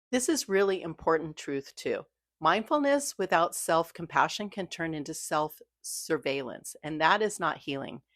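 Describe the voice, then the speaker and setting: Woman, lower voice, calm coaching delivery, close dry recording. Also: no echo. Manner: gentle, reassuring, coaching tone. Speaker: mindfulness creator. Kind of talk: scripted talk to camera.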